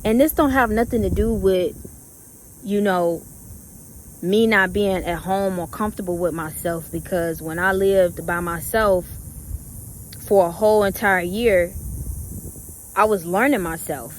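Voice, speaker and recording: A young adult woman casually telling a personal story to her viewers, acting out her own past reactions in a conversational, drawn-out way. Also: mid-range voice, slight background noise. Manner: conversational, drawn-out speech with fillers. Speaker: vlogger.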